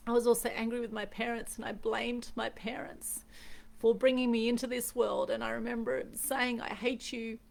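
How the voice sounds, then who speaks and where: A woman's voice: fairly high pitch, little pitch movement, normal speed, creaky. A middle-aged Australian woman hosting an unscripted live stream, talking earnestly and reflectively and repeating key phrases for emphasis. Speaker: host. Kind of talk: unscripted Facebook Live chat.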